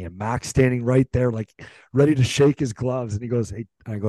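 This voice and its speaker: A middle-aged man, a former hockey player hosting a podcast, telling a profane, animated story and acting out the quotes. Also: mid-range voice, brisk, no room sound. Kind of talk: casual storytelling chat.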